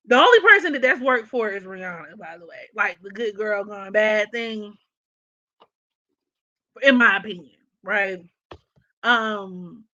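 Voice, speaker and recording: A woman's voice: mid-range voice, pushed and bright, no room sound. A woman vlogger talking about astrology in a blunt, opinionated, slangy casual chat.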